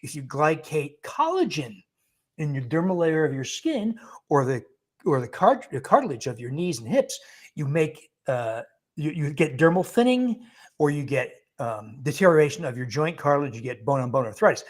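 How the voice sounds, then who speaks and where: His voice a little high and sing-song, a guest physician takes viewer questions live. He's brisk and emphatic, chuckles a lot, and dismisses bad advice bluntly.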